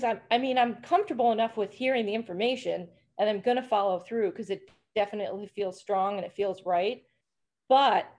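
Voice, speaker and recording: A woman in casual conversation, rambling animatedly and acting out inner voices as she explains a feeling. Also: on the high side. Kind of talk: casual spiritual chat.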